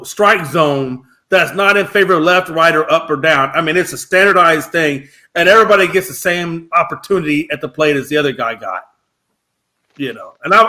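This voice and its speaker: High-voiced opinionated man on sports. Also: sharp tone. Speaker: sports show co-host. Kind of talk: casual sports talk.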